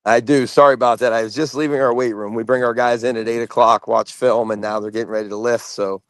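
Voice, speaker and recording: A man, a high school football coach, talking plainly in an interview while he walks. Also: fairly even intonation, fast talker, no room sound. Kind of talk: phone-in interview.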